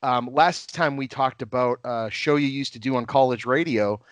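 A man hosting a casual podcast, relaxed and laughing often, with plenty of fillers. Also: mid-range voice, moderate pace, no echo. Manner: laid-back, laughs often, many fillers. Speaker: podcast host.

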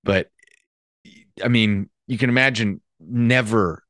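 Joking low-voiced man telling stories. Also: slow, no echo, clean studio sound. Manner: joking, animated storyteller. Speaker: podcast host, police officer. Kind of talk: casual storytelling chat.

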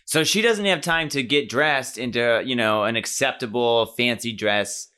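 A man's voice: medium pitch, normal speed, pushed and bright, clear, resonant tone. A young man co-hosting a podcast in casual chat, joking and rambling with many fillers. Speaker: podcast co-host.

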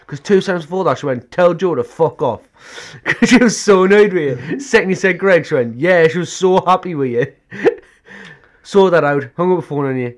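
A man with a slightly high voice, chatting as co-host of a casual podcast. He tells the story with animation and swears freely. He keeps breaking into laughter as he goes. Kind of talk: casual chat.

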